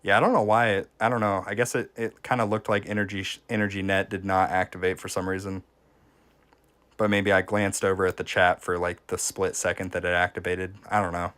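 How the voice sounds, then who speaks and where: Streaming a game, this low-voiced man speaks fairly quickly as he offers casual commentary on the gameplay. He chats with viewers and breaks into sudden excited reactions.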